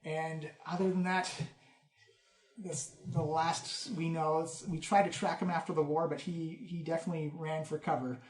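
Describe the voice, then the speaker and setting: Animated male game master, roomy echo. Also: fairly high pitch, normal speed. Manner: animated storyteller, lively descriptions. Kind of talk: narrating a tabletop game.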